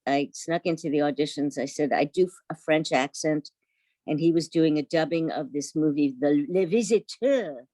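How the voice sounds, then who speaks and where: An older woman with a New York accent tells stories from her career in a lowish voice. She acts out the voices of the people she quotes, and the recording sounds dry and close. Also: darkish tone, no echo. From Brooklyn, New York. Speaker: voice actress guest. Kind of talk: casual interview chat.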